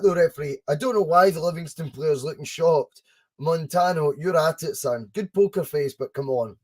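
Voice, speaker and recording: A young Scottish man runs a live fan watchalong, his voice pitched a little high for a man. He chats casually, calls the action with excitement and answers viewers' comments, with the odd swear word thrown in. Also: fairly quick. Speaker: podcast host doing a live fan watchalong.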